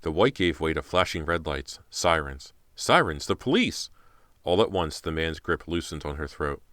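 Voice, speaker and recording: A man's voice: extremely low pitch, fairly even intonation, moderate pace, fairly bright tone, no room sound, studio quality. A man narrating an audiobook in a tense, dramatic way. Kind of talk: scripted narration.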